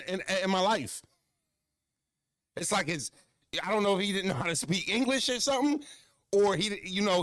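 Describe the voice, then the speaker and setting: A somewhat high-pitched male stream host talks to his chat in a loose, storytelling way, cursing freely and jumping between excited highs and low, mocking lows. The sound is dry and close, with almost no room around his voice. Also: no echo. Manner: animated, profane, big swings between high excited and low mocking tones. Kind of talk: casual storytelling to a live chat.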